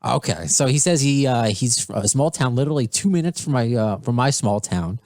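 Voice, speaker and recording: A male podcast host talks in a loose, excited ramble, backing up and restarting mid-sentence. His voice sits in a middle register, and the close studio sound is dry with no room echo. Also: mid-range voice, brisk. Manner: rambling, enthusiastic, many restarts. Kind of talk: casual podcast talk.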